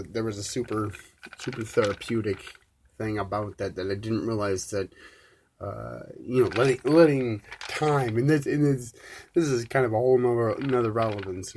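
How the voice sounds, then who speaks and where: A man hosting a solo live podcast, ranting in a rambling, profane way, swinging from loud outbursts to low mumbles. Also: slight background noise. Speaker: podcast host.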